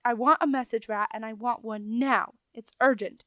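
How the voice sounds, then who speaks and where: A woman's voice: fairly high pitch, fairly even intonation, moderate pace, fairly bright tone, no echo, lightly acted. A woman voicing a young royal girl who is insistent and stern.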